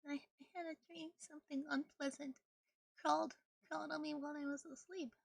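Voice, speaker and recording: A young woman streamer chatting casually with her viewers, bubbly and giggly, with a slightly rough morning voice. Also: sits high, steady tone, a little fast, no room sound. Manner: bubbly, giggly, greets chat one by one. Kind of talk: casual live-stream chat.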